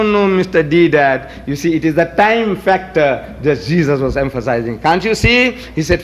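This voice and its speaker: Brief: older man, emphatic debater with a fairly high voice who mocks opposing arguments. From South Africa. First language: Gujarati. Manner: combative, rhetorical, mimics opponents, emphatic. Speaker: lecturer. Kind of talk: public debate lecture.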